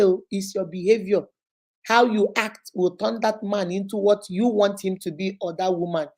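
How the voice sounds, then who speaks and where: Mellow-voiced woman preaching marriage advice. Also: medium pitch. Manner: preachy, greets viewers by name, emphatic. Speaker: host giving marriage advice. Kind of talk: casual live-stream talk. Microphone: phone.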